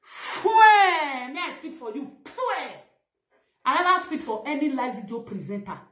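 Nigerian woman, high voice, hurling insults in a fiery live-video rant, echoey room. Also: very animated, moderate pace. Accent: Nigerian Pidgin English. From Edo, Nigeria. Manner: scolding, insulting, loud exclamations.

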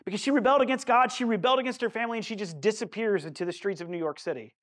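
A man's voice: high voice, racing, a bit bright. A male pastor preaching a sermon in a church sanctuary, earnest and conversational, often turning to the congregation with asides.

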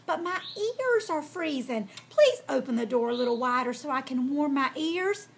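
A woman's voice: high-pitched, animated, normal speed, creaky, slight background noise. A woman voicing a mean, tricky old male fox in a storybook reading, begging and whining. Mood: wheedling. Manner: pleading, whining, groaning.

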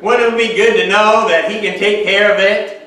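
A man's voice: high voice, steady tone, moderate pace, sharp tone. A man, preaching a sermon as pastor, reading scripture and sprinkling his talk with amens and hallelujahs. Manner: reads scripture aloud, then preaches with frequent amens and hallelujahs. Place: church sanctuary. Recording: echoey church hall, mic far off.

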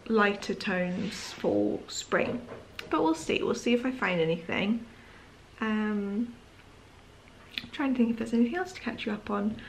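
Sleepy woman chatting to her camera at night, rambly, lots of ums and likes, bit of faint hum behind. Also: medium pitch. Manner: rambling, chatty, apologetic, many "um"s and "like"s. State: sleepy, yawning. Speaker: vlogger. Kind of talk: casual chat to camera. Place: at home in the evening.

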